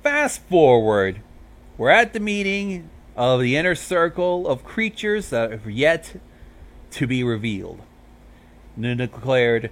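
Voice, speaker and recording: A man's voice: medium pitch, animated, a little slow. A man reading a fan fiction story aloud, casual with wry asides. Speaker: reader.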